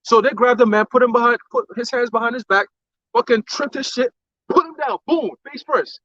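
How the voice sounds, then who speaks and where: A man in casual talk with a co-host, telling stories with animated acted-out quotes. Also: very high-pitched, a little fast, no room sound. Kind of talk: casual religious talk chat. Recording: dull lo-fi sound.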